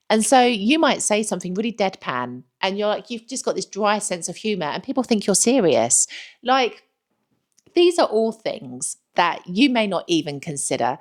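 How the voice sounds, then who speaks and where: A young woman from London with a London accent, talking earnestly and candidly in a chatty vlog. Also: on the low side. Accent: London English. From London, England. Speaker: vlogger on life abroad. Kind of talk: reflective talking-to-camera vlog.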